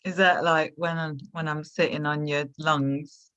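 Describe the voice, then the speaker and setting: A woman improvising an overeager, flirtatious admirer who speaks in a breathy, suggestive drawl over a video call. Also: sits low, fairly even intonation, measured pace, a bit bright, dull audio. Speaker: improv performer. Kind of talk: improvised comedy scene.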